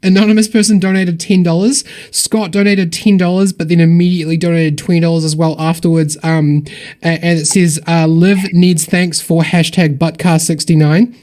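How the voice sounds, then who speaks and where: A man hosting a charity tabletop stream, reading out donor shout-outs in an upbeat, rambling, thankful way. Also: fairly high pitch, little pitch movement, moderate pace. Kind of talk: casual livestream donation shout-outs.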